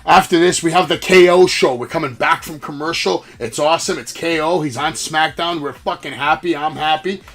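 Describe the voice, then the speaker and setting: A fairly high-voiced man rattles through a casual recap as host, swearing freely and slipping into quoted lines for effect. His talk is loose and excitable. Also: moderate pace, hardly any pauses. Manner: profane, excitable, acts out quotes. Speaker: wrestling podcast host.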